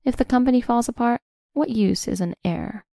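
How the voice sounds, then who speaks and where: A woman's voice: fairly high pitch, normal speed, vocal fry, dark tone, no echo, studio quality. Smug woman narrating a revenge story. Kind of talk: scripted first-person narration.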